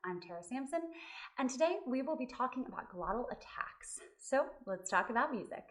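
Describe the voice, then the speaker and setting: A woman voice teacher giving a vocal lesson, explaining clearly and singing short demonstrations. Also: on the high side, animated, brisk, far from the mic.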